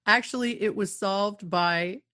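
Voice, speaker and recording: Animated woman telling a story, dry sound. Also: mid-range voice, slow, dry recording. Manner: animated storytelling, laughs often. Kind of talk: casual radio talk.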